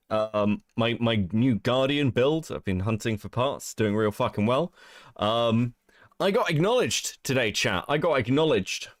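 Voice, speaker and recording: A man's voice: mid-range voice, moderate pace, no room sound, clean studio sound. A man hosting a casual livestream, reading out donations and mocking posts with lots of swearing and laughter. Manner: animated, profane, reads out donations. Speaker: livestream host.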